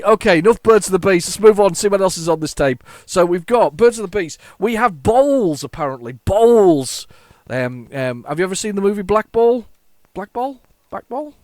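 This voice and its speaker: A man's voice: mid-range voice, no echo. A man hosting a retro gaming video, chatting casually and rambling through his commentary with many fillers and restarts.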